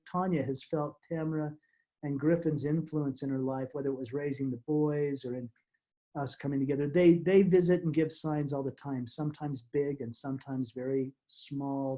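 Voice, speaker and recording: Mellow middle-aged man telling a personal story. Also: fairly high pitch, steady tone. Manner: halting, repeats words, emotional, soft laughs. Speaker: guest speaker.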